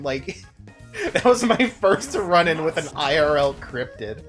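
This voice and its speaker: A man's voice: fairly high pitch, lively intonation, moderate pace, soft background music. Rambling young streamer guy. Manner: rambling, profane, laughs often. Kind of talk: casual gameplay commentary.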